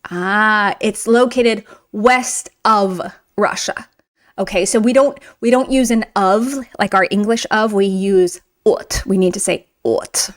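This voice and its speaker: A woman teaching a Russian grammar lesson in a chatty, emphatic way, slowing down to read example sentences. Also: medium pitch. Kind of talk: online language lesson.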